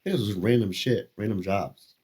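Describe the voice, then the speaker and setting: A man's voice: on the low side, moderate pace, a little mellow, slightly rough. A man hosting a podcast who talks bluntly, swears freely and cuts in with questions. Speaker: podcast host. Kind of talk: casual chat.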